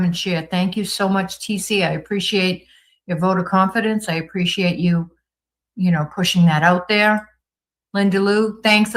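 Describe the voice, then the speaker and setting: A Boston-accented woman with a mid-range, fairly bright voice hosts a livestream, casually chatting as she reads out viewer comments and gushes cheerfully in reply. The recording is rough.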